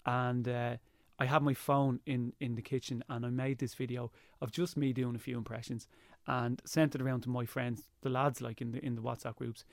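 A young Irish man chatting as an interview guest, telling lively stories and slipping into impressions. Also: mid-range voice, moderate pace, creaky, no echo, clean studio sound. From Ireland. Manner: lively storyteller, slips into impressions. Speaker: guest, YouTuber. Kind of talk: casual interview chat.

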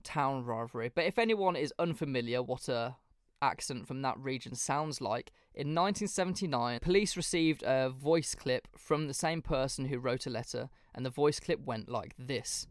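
A man's voice: mid-range voice, moderate pace, few pauses, clear, resonant tone, no echo, clean studio sound. A man hosting a podcast, narrating a case casually with plenty of swearing. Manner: casual, swears freely, reads from notes. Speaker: podcast host.

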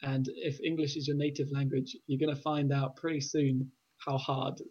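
A man in a podcast chat, laying out his view step by step. His voice is husky and very even in pitch. The sound is dull and muffled, like a lo-fi recording. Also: normal speed. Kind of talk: casual chat.

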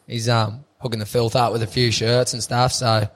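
Australian man, podcast guest, laid-back, casual chat, mid pitch. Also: flat delivery, moderate pace. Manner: laid-back, laughing along. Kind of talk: casual banter.

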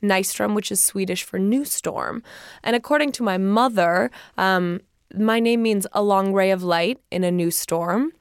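A woman with a smooth, clear voice chats as a podcast guest. She tells stories with goofy, dry humor in a loose, easygoing way. The sound is close and dry. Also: medium pitch, a little slow, dry recording. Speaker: podcast guest, company co-founder. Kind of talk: casual interview chat.

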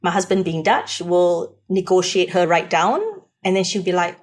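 A middle-aged woman, a financial adviser chatting on a podcast in an animated, talkative way. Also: on the low side, moderate pace, a little hiss or hum. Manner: animated and talkative, often laughing. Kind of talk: casual podcast conversation.

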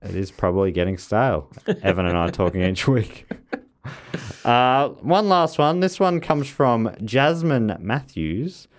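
A man's voice: mid-range voice, expressive, a little slow. A man co-hosting a podcast in casual chat, reading out listener messages and laughing often between remarks. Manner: chatty, laughs often, frequent fillers and restarts.

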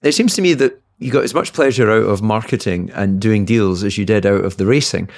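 A man's voice: on the low side, a little fast. A man co-hosting a podcast, asking his partner teasing, probing questions in casual chat. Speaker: podcast co-host.

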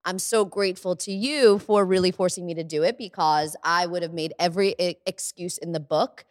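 A woman's voice: lowish voice, steady tone, brisk, no echo. A woman co-hosting a podcast in casual chat, rambling with lots of "like" and "you know", on a studio microphone. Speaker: podcast co-host.

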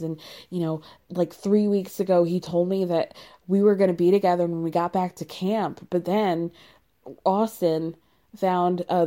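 A woman's voice: on the low side, dark tone. A woman hosting a podcast, chatting casually through a reality show recap, laughing often and saying "like" a lot.

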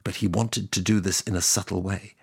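An actor playing God as a sardonic narrator, telling the story in a scripted comic style with offhand asides. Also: male voice, deep voice, fairly even intonation, brisk, vocal fry, a little mellow, husky, no echo, clean studio sound, heavily acted. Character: God as a sardonic, boastful narrator, ageless man.

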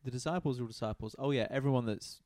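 A man, casually retelling a Bible story in a deadpan, joking way. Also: mid-range voice, racing, no room sound, clean studio sound. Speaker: podcast co-host retelling Bible stories. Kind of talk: casual comedic chat.

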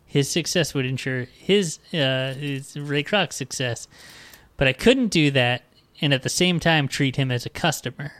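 A man's voice: mid-range voice, unhurried, fairly bright tone, no echo. A man in his thirties hosting a podcast, ranting and cursing casually while reading passages from a book aloud. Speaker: podcast host. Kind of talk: casual comedic book discussion.

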